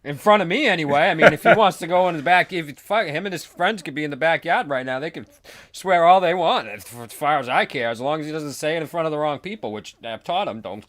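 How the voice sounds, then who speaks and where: A man's voice: on the high side, animated, fast talker, fairly bright tone. A man co-hosting a live show, talking in a dry, laid-back way and swearing casually. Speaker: podcast co-host. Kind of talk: casual profane chat.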